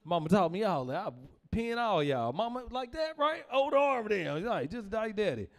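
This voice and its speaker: Animated high-voiced male comic. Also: normal speed. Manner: animated, laughs through lines, acts out family members. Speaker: stand-up comedian. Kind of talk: stand-up storytelling.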